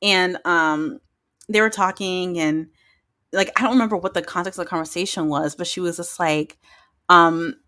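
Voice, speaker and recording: A woman hosting a podcast in casual chat, excitable and gushing, laughing often. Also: lowish voice, normal speed. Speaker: podcast host.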